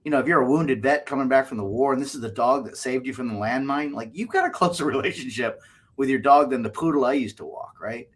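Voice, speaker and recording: A man co-hosting a casual podcast chat, animated and fond of acting out little quoted exchanges. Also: mid-range voice, fast talker. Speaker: co-host.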